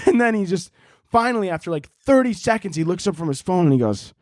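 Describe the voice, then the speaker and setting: A young man hosting a casual solo podcast, telling animated stories with lots of swearing and jokes. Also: high-pitched, a little fast, dry recording, clean studio sound. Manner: animated storytelling, swearing, joking. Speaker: podcast host.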